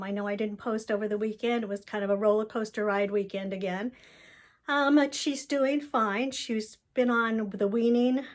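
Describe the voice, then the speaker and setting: A woman giving a candid, rambling personal video update about her family, telling the story with emotion. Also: on the high side.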